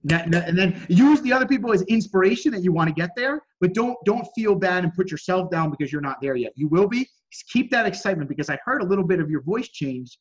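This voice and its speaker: A man coaching a student on a group call, energetic and pushy, repeating himself as he drives his point home. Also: high voice, fast talker, hardly any pauses, slightly rough, lo-fi sound.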